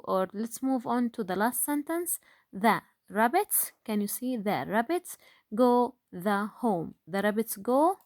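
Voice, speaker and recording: A woman teaching a grade one phonics lesson in English, talking slowly and patiently with many fillers and questions to the children. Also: a little high, darkish tone, dry recording, studio quality. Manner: slow, patient, with frequent fillers and rhetorical questions.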